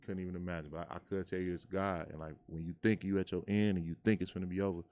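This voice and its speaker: Deep-voiced fast-talking Chicago man. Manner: animated storyteller, acts out quotes in a high voice. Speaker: guest. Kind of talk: casual chat.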